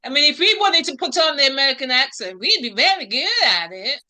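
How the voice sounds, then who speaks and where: A woman with a bright, crisp voice asks interview questions in a friendly, affirming way. Her voice sits a little higher than most women's. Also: lively intonation, fairly quick. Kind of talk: conversational interview.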